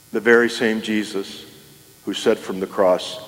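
A male pastor delivering a sermon in a church, with measured pauses and rising emphasis. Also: lowish voice, little pitch movement. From New Mexico. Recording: long reverb of a hall.

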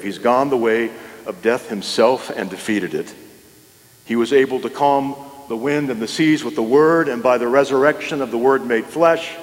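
A man preaching a sermon, earnest and measured, with solemn pauses. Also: medium pitch, big-room sound. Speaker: pastor.

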